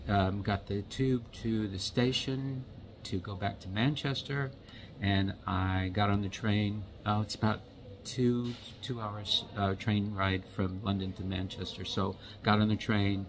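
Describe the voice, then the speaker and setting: A man from the United States, telling a story in a rambling, halting way and often repeating his words. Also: fairly low pitch, gravelly, a little hiss or hum, poor audio. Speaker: watch vlogger. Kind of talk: casual storytelling.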